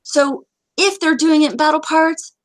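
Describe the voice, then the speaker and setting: A woman hosts a casual chat about a strategy game, and her voice sits a little higher than most. She talks in a chatty, joking way and breaks into sudden exclamations. The sound is dry and close, with almost no room echo. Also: normal speed. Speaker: game community host.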